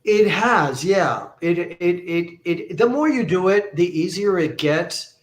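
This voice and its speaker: A man's voice: high-pitched, animated, slow. A man who is a recording artist answering interview questions in a thoughtful, hesitant way. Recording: echoey room sound.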